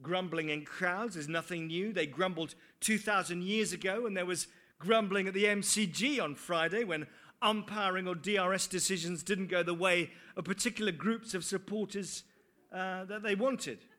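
A man's voice: high voice, normal speed, sharp tone. A man preaching a sermon, earnest, with rhetorical questions and dry asides.

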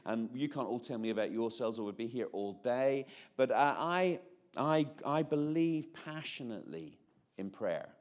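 A man's voice: medium pitch, animated, normal speed. Chatty Northern Irish preacher in his fifties. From Northern Ireland. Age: 50s. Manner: chatty, self-interrupting, jokey asides. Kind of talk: personal testimony sermon.

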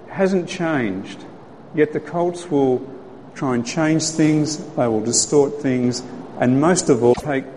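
A man's voice: mid-range voice, darkish tone, a little hiss or hum. A man giving a sermon in a conversational, storytelling way, earnest and direct. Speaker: preacher. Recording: long hall reverb, faint ambience.

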